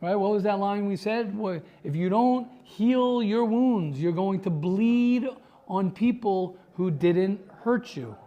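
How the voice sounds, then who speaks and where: A man's voice: high voice, animated, takes it slowly, mellow, muffled recording. A man giving a sermon as a rabbi to a live class, impassioned and talking in repeated phrases and restarts.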